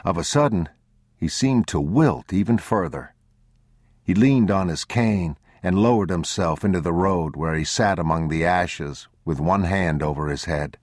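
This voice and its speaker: A male narrator reads literary prose in a very deep, slow, sombre and deliberate voice. The recording is close and bone-dry, with no room sound at all. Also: no echo. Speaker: audiobook narrator.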